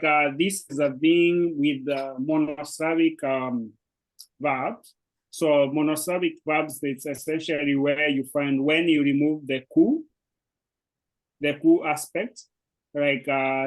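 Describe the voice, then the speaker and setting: Explaining an online language lesson in English, a native-speaking Swahili teacher sounds a little high-pitched and hesitant, with many fillers and restarts. The audio quality is poor.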